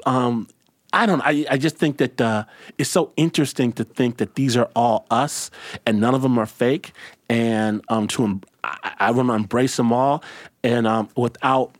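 A man hosting a casual roundtable chat, speaking reflectively and haltingly with many restarts. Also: mid-range voice, dry recording, clean studio sound. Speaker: host.

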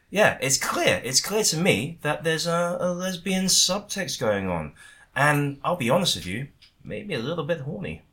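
A bright, animated man co-hosting a podcast with friends. He teases the others and jokes around, and often slips into mock outrage. His pitch swings widely as he talks. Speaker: podcast co-host. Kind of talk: casual comedic chat.

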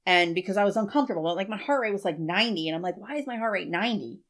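Brief: thirties woman, podcast co-host, middle pitch, loose chatty delivery. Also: animated, very fast. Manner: chatty, peppers speech with "like". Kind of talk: casual chat.

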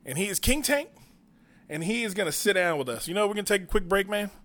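Bright-toned dude hosting a comedy podcast, laughs a lot, swears freely, kinda high voice. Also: male voice, expressive, quick pace. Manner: laughing storyteller, loose and profane. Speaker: podcast host. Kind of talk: casual comedy podcast banter. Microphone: studio mic.

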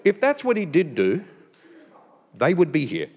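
Animated Australian male preacher. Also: on the high side, a little slow, in a large hall, slight background noise. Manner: animated, humorous preaching with mimicked voices. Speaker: pastor. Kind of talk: sermon.

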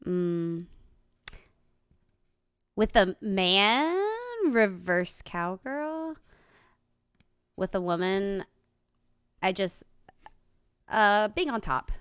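A woman chats as a guest on a podcast. She is playful and laughs easily. Her voice sits at a middle pitch and is recorded close and dry. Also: expressive, very slow, long pauses, fairly bright tone, smooth, dry recording. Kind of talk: casual chat.

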